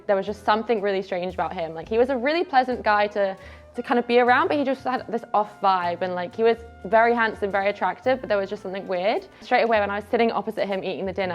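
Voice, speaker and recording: A quick-talking woman tells a lively story about a date, her words tumbling out. The recording is slightly dull, with faint music underneath. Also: medium pitch. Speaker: interviewee.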